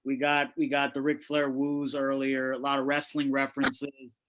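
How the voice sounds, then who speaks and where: A man's voice: medium pitch, completely flat delivery, moderate pace, background noise. A man doing a stand-up set at an online open mic from his home over a video call, delivering punchy, brash jokes with a lot of swearing. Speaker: stand-up comic. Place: home, indoors on carpet.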